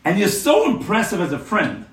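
A man's voice: high-pitched, wildly swooping pitch, normal speed, fairly bright tone, voice pushed up, heavily acted. A man playing a stingy, rich older man who pleads with his best friend, telling the story earnestly in a roomy space, heard from a little distance. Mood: apologetic. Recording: roomy room, mic at a distance.

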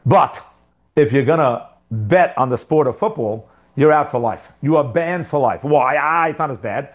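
A man's voice: medium pitch, animated, moderate pace. A man teaching a religious text class, reading passages and thinking aloud with lots of rhetorical questions. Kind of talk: lesson with text study. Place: living outside America.

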